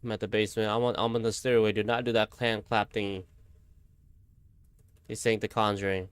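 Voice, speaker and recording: A man's voice: fairly low pitch, flat delivery, fairly quick, clean tone, no room sound. A man giving casual commentary while playing a horror game, jumpy and swearing. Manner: jumpy, swearing, nervous laughs. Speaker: gamer streaming a horror game.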